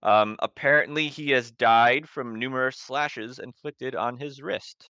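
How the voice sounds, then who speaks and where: Bright, hesitant male game master. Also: mid-range voice, measured pace, no room sound, highs cut off. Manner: hesitant, many ums and restarts. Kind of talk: narrating a tabletop horror game.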